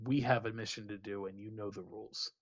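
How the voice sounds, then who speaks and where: A man's voice: fairly low pitch, steady tone, a little fast. A man doing a stern, bossy ship captain. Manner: commanding, exasperated.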